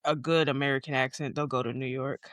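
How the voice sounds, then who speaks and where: A woman's voice: rumbling low, steady tone, brisk, fairly bright tone, no echo, clean studio sound. A young woman co-hosting a family podcast, teasing her father in a playfully bossy way. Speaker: co-host, daughter. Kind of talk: casual family podcast chat.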